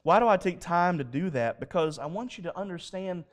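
A man preaching a sermon at a live church service, telling stories in an animated way and acting out the dialogue. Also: high voice, a little fast. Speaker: pastor.

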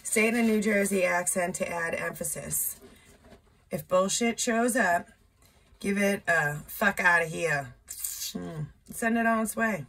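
A woman's voice: mid-range voice, a little slow, fairly bright tone. A woman giving a casual tarot reading, chatty and loose, with profane asides. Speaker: tarot reader.

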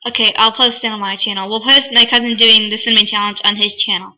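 A woman's voice: mid-range voice, fairly even intonation, fast talker, pushed and bright, rough recording. A teenage girl chatting casually in a vlog, rambling and giggling, often apologizing. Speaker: vlogger. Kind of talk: casual chat.

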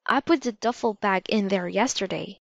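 A woman's voice: medium pitch, normal speed, gravelly, no echo, close to an everyday voice. A woman reading the lines of an upset grown man who talks shakily when distressed. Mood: worried. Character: upset adult man, museum planner. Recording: slightly dull lo-fi recording.

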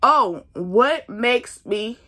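A young woman talks slowly and chattily, calling her viewers y'all. Her voice sits a little high. She is nauseous and stops now and then to catch herself. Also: lively intonation, sharp tone. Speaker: vlogger. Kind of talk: casual pregnancy update vlog.

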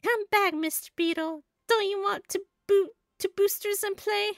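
A woman's voice: very high voice, steady tone, normal speed, no echo, studio quality, voice pushed up. A woman voicing bossy, bratty kids in a game, whiny and pushy. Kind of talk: reading game dialogue aloud.

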